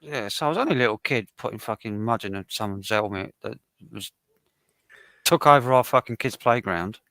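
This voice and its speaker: A man's voice: on the low side, animated, moderate pace, sharp tone, no room sound. Blunt, swearing Englishman, dry sound. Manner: blunt, swears freely, stammering restarts. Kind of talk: casual chat.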